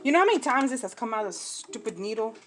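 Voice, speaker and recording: A woman's voice: fairly high pitch, sing-song, fast, background noise. A woman in her forties from New Jersey, chatting casually and self-mockingly while she sews, rambling off on side stories. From New Jersey, USA. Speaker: crafting vlogger. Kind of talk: casual chat while sewing. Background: background music.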